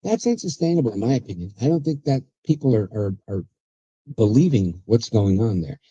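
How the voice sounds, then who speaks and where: A man's voice: mid-range voice, lively intonation, a little fast, warm tone, husky, no room sound, highs cut off. A man hosting a political talk show, chatty and sarcastic, rambling with restarts. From USA. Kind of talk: casual political commentary.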